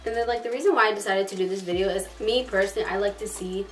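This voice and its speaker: A woman chatting quickly and casually through a makeup tutorial, filling her talk with "like". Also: medium pitch. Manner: fast-talking, chatty, lots of "like". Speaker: beauty vlogger. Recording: distant mic, faint background music.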